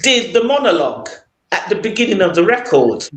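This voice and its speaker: A woman singer as an interview guest, reminiscing in casual chat and pausing often with fillers. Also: mid-range voice, very animated. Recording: roomy echo.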